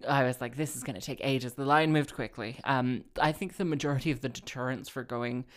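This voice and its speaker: Very low-voiced rambling woman. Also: brisk. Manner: rambling, many fillers and self-corrections, wry asides. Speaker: podcast host and singer. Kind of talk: casual rambling monologue.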